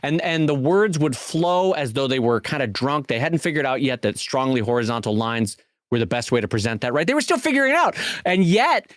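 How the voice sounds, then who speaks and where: A middle-aged man co-hosting a podcast in casual chat, an animated storyteller who acts out the people he quotes. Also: mid-range voice, brisk, dry recording, studio quality. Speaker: podcast co-host.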